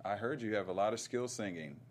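A man's voice: on the low side, brisk, a little hiss or hum. A man interviewing a guest in a playful, teasing way, full of "you know". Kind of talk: casual interview.

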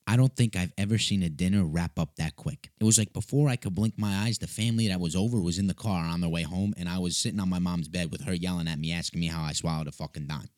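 A young man with a low, deep voice tells a comic personal story in a casual, offhand way. His talk is loose and salty, peppered with filler words. The sound is dry and close, with no room around it. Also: fast, darkish tone, dry recording. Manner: loose and profane, with many filler "like"s.

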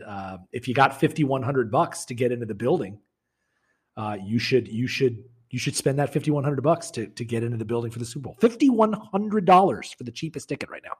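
A man co-hosting a podcast in casual comedic chat, easygoing and quick to laugh. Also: mid-range voice, breathy edge. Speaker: podcast co-host.

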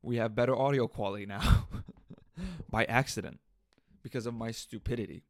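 A man hosting a casual solo podcast, telling a story in an animated, venting way with swearing. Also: medium pitch, normal speed, no echo, studio quality. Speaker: podcast host. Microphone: USB interface podcast mic.

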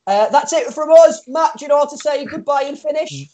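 A man's voice: very high voice, a little fast, dark tone. A man co-hosting a casual chat podcast, jokey and self-mocking. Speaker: podcast co-host.

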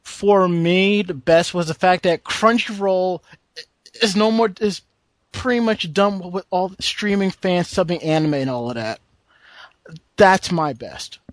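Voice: medium pitch, measured pace, no echo. Matter-of-fact co-host, dry close sound. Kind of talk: casual chat.

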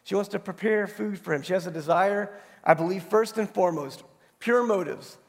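Man, pastor, hoarse gravelly voice, fairly high pitch, conversational sermon, long church reverb. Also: moderate pace. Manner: conversational storytelling, tag questions like "right?". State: hoarse from allergies. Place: church sanctuary.

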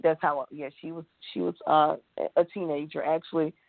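Gravelly woman on a tinny phone line. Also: low voice, flat delivery, normal speed, no echo. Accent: Texan. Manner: emotional, tells it with acted-out quotes. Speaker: guest. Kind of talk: recounting her story in an interview.

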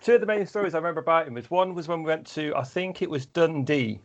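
A man's voice: a little high, quick pace. A man telling casual sports anecdotes in a chatty storytelling way, with frequent restarts. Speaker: podcast guest or co-host, flag football player. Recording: slightly dull, lo-fi recording.

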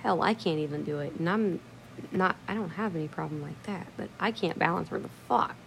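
Low-pitched, brisk and creaky, this podcast host's voice comes with a bit of hiss or hum. She tells stories in a loose, profane, blunt way, laughs a lot, and voices quotes in a lively manner.

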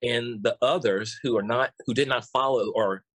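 A man's voice: medium pitch, steady tone, normal speed, fairly bright tone, no echo. A man who works as a coach, chatting casually and talkatively, often restarting and repeating words. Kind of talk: casual podcast conversation.

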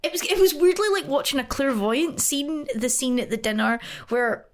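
A woman's voice: high-pitched, moderate pace. A woman co-hosting a podcast, chatting casually about films, laughing often and acting out quotes. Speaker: podcast co-host.

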